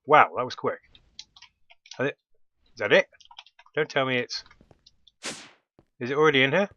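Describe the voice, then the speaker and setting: A man's voice: medium pitch, measured pace, no echo, muffled recording. A man giving casual commentary while playing a game, often bursting into delighted exclamations. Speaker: let's play host.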